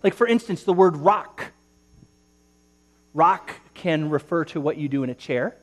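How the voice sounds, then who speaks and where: A man preaching a sermon to a congregation, reading scripture aloud and asking animated rhetorical questions. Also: on the high side, unhurried. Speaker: pastor.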